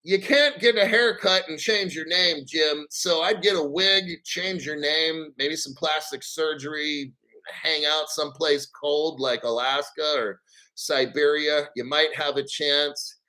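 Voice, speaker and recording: A man's voice: a little high, steady tone, measured pace, pushed and bright, rough recording. A man hosting his crypto channel, ranting in a gleeful, mocking and profane way. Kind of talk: ranting vlog commentary.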